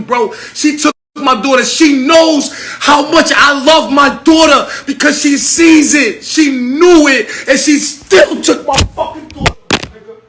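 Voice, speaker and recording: Man, high and piercing, raging and near tears on a livestream. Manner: furious, shouting, profane. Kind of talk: emotional livestream rant.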